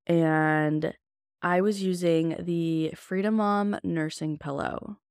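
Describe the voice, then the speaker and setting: Young woman, podcast host, casual storytelling, candid and chatty, slightly low voice. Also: steady tone, slow pace, darkish tone, smooth, no room sound, clean studio sound. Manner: candid, chatty, lots of "like" fillers.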